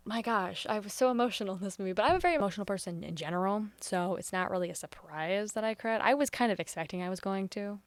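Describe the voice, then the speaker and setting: An earnest woman talks through her thoughts on a show in a casual review, openly emotional and hesitant at times. Her voice sits at an ordinary middle pitch. It jumps up sharply when she gets excited and drops to soft near-whispers, and the sound is close and dry, with no room echo. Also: clear, resonant tone. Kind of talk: casual spoken review vlog.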